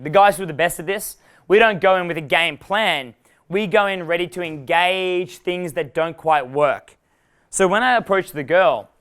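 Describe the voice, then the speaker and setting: A man's voice: fairly high pitch, fairly bright tone, smooth. Brash young man coaching a workshop. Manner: rambling, profane, laughs at his own jokes. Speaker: dating coach. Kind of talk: live workshop talk.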